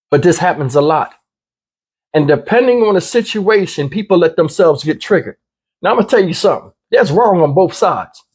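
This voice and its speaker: Husky high-voiced man commenting bluntly. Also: darkish tone. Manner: conversational, blunt, repeats points. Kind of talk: casual commentary.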